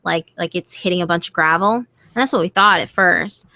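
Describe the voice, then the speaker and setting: A young woman telling a scary story to her stream in a casual, animated way, swearing freely. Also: on the low side, fairly quick, vocal fry, no room sound. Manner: animated, swearing, quotes friends in voices.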